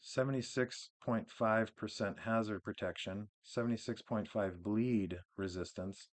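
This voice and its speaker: Male gaming host, low voice, relaxed rambling walkthrough, off-the-cuff delivery. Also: a little slow. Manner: relaxed, rambling, with frequent restarts and fillers. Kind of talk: casual game build walkthrough.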